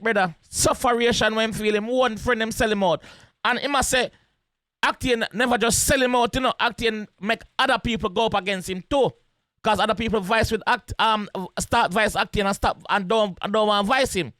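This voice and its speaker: A man with a high, slightly bright voice and a Jamaican accent hosts a reaction video, offering casual, emphatic commentary on a song. He repeats his points in patois slang, and the recording has no room sound.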